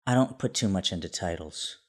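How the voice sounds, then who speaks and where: A man's voice: low-pitched, expressive, a little fast, slightly rough. A man in easygoing casual conversation, enthusiastic and laughing along. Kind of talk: casual chat.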